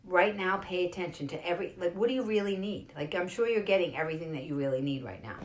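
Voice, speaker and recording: A woman's voice: quick pace, a little mellow, slight background noise. Chatty woman telling a story. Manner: chatty storyteller, acts out quotes with pitch jumps. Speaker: host. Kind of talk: casual monologue.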